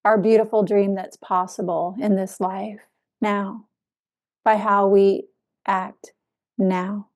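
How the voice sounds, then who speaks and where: A woman giving a dharma talk as a Zen teacher, speaking in a reflective way with soft laughs. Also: mid-range voice, level tone, slow.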